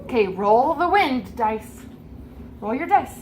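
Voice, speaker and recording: A woman serving as game master, narrating a tabletop adventure for a child in an animated, gently coaxing way. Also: a little high, slow, slight background noise.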